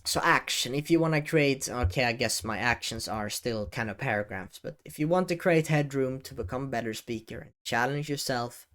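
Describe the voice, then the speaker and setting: A man in a talking-head video addresses the camera at a middle pitch. He speaks deliberately, pausing often and leaning hard on important words. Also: fairly bright tone. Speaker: educational video creator. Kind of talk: talking-head advice vlog. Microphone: camera-facing setup.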